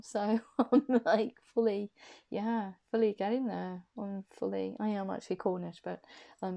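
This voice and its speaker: A woman's voice: medium pitch, gravelly, dark tone. A woman from Warwickshire with an English accent, giving a casual tarot reading from her room in a chatty, rambling way with frequent laughs. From Warwickshire, England. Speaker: tarot reader.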